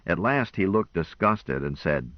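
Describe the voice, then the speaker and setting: A man reading an audiobook in a measured, expressive first-person narration, in a dull lo-fi recording. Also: low-pitched, no room sound.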